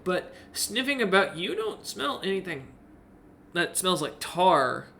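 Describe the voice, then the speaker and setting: A man's voice: high-pitched, sing-song, measured pace, gravelly, bright, forceful tone, a little hiss or hum. A man narrating as game master of a tabletop game, rambling with many fillers and self-corrections.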